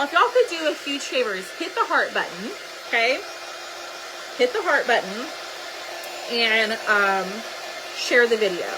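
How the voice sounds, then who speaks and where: A woman's voice: sits high, background noise. A woman hosting a crafting live stream, chatting casually and greeting viewers by name.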